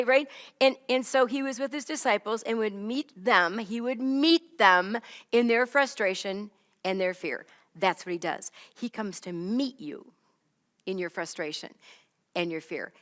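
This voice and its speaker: A woman's voice: mid-range voice, unhurried, a bit bright, long reverb tail. A woman teaching a Bible lesson in a conversational way, often checking in with "right?" and "okay?". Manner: chatty, keeps asking "right?" and "okay?".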